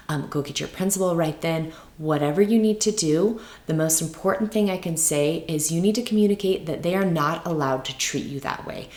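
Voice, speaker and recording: A woman's voice: deep voice, echoey room. A woman teacher hosting an advice video, talking conversationally and often checking in with tag questions. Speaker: teacher and channel host.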